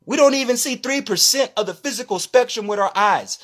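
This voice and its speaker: A man giving an impassioned, profane live-stream rant as a spirituality content creator, loud and preachy, dropping from shouts to low asides. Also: brisk, slight background noise.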